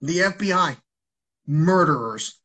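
A man's voice: a little high, animated, slow pace, sharp tone. Agitated, heavily swearing man livestreaming.

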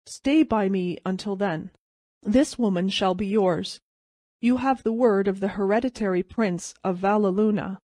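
Brief: woman playing a gentle grandiose vagrant prince, smooth measured delivery, dry audiobook sound. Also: medium pitch, no echo, lightly acted. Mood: solemn. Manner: even, well-modulated, solemn. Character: ragged old vagrant who calls himself a prince, gentle and grand.

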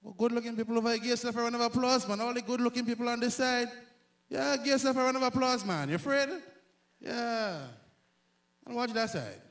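A man from Grenada with a Grenadian accent, performing a loud, self-mocking stand-up comedy set on stage. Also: very high-pitched, brisk. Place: live comedy stage before an audience.

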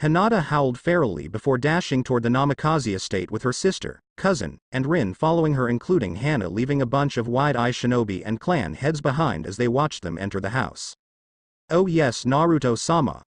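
A man narrating a fan fiction story in an expressive storytelling manner. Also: mid-range voice, fairly quick, hardly any pauses, dry recording.

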